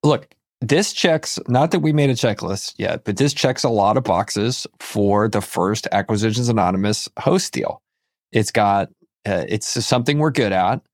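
A podcast co-host with a fairly low voice and lively intonation chats casually at normal speed, cracking jokes and using many fillers. The studio-quality recording has no room sound.

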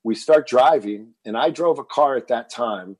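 A man in his fifties from Texas, telling a personal story as a guest in an interview, animated and getting louder as he relives the moment. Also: medium pitch, normal speed, breathy edge, no room sound, poor audio. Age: 50s. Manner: animated storyteller, rises to shouting when reliving anger. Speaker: fitness entrepreneur guest.

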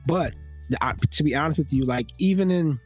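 A man hosting a casual talk podcast, telling stories and acting out loud quotes as he goes. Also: on the high side, a little fast, slightly rough, soft background music. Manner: animated storytelling with loud acted-out quotes. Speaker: podcast host. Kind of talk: casual conversation.

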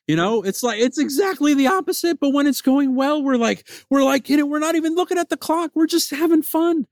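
High-voiced, excitable man podcasting. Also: no room sound, clean studio sound. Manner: enthusiastic, rambling, repeats words. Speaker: podcast host. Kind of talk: casual solo podcast storytelling.

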